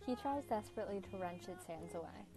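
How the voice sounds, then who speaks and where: A woman's voice: medium pitch, animated, fast talker. A young woman narrating a game aloud and joking with viewers between lines in a playful manner. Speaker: streamer reading a game aloud. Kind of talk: game narration with live commentary. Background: background music.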